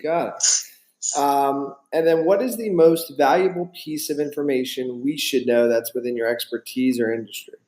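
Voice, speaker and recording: A man's voice: medium pitch, normal speed, darkish tone, echoey room, poor audio. A man hosting a business podcast, welcoming his guest and asking set questions in an upbeat, casual way. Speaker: podcast host. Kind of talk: casual interview.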